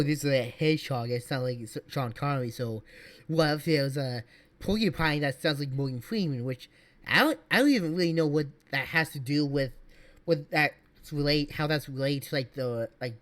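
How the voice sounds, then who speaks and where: A man streaming casual reaction commentary, rambling with many fillers and restarts. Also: medium pitch.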